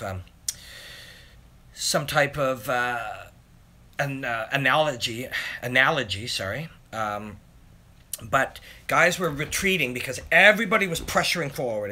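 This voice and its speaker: A man in his forties with a bright, forceful voice, chatting through a live stream Q&A. He rambles, reads viewers' questions aloud and pokes fun at himself. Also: mid-range voice. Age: 40s. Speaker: host. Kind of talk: live Q&A chat.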